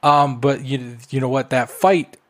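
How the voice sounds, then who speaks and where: A man's voice: mid-range voice, steady tone, measured pace, heavy background noise. Profane, rambling man podcaster. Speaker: podcast co-host. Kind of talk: casual chat.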